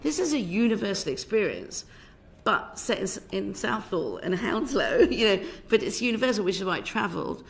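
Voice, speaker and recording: A woman's voice: mid-range voice, big pitch swings, moderate pace, gravelly. A middle-aged British woman film director with a British accent, giving passionate, emphatic evidence to a committee, often restarting her sentences. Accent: British English. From Britain. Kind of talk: parliamentary committee testimony. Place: committee room.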